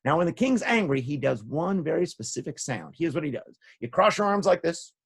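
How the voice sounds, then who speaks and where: A man's voice: fairly high pitch, sing-song, fairly quick, gravelly, husky. A man telling stories to children, playful and interactive, guiding his listeners through sound effects. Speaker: storyteller. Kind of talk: animated children's storytelling.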